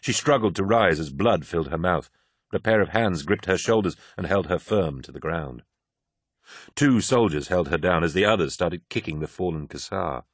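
A man narrating a science-fiction audiobook in a steady, measured way. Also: low voice, slightly rough, dry recording, clean studio sound. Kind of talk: scripted narration.

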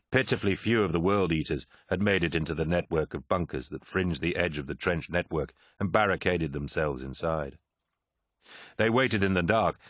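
A man reading a war story aloud as an audiobook narrator, in a grave, measured way. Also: low voice, no echo, clean studio sound.

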